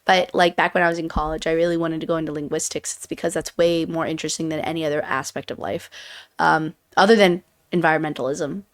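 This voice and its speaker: A woman's voice: low-pitched, steady tone, quick pace. A woman co-hosting a casual chat, wandering off on tangents with self-deprecating laughs. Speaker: podcast co-host.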